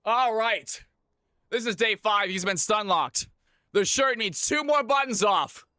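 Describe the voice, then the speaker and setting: Hyped high-voiced streamer man. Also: a little slow, no echo, clean studio sound. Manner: hyped, excitable, chatty with viewers. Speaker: streamer hosting viewer games. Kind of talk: live stream chat.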